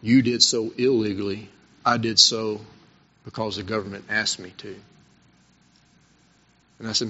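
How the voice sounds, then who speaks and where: Male preacher, earnest emphatic sermon, bright forceful voice, muffled lo-fi sound. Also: fairly low pitch, steady tone, a little slow, pauses often. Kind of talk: sermon with personal testimony. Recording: dull lo-fi recording.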